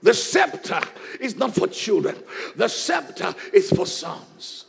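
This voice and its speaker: Gravelly high-pitched preaching man. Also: sing-song, takes it slowly. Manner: preaching with shouts and sing-song rises. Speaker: pastor. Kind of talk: sermon.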